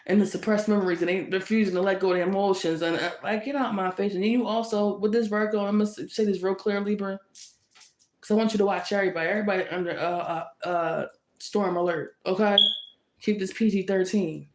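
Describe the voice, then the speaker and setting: A tarot reader rushes through a reading in a fiery, confrontational way, repeatedly circling back to her points. Her medium-pitched, darkish voice moves quickly with fairly even intonation, and the room gives a roomy echo.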